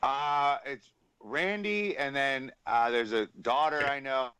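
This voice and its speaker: A man's voice: medium pitch, slow pace, sharp tone, clean tone, no echo. A man hosting a casual radio chat, telling stories crudely and laughing as he goes. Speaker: radio host.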